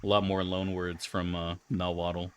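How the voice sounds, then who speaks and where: A man's voice: deep voice, little pitch movement, normal speed, a little hiss or hum. A man casually commenting on his gameplay for viewers, joking and crude. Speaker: streamer.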